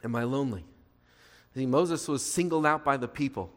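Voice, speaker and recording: A man's voice: mid-range voice, moderate pace. A man preaching a sermon in an earnest, conversational way, asking his listeners rhetorical questions and adding playful asides. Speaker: pastor. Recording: reverberant hall.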